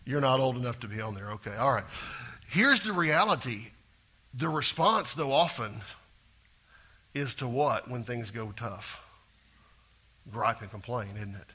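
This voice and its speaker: A middle-aged man preaching a sermon as pastor, swinging between soft asides and loud, animated exclaiming. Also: medium pitch, unhurried, pauses often, husky.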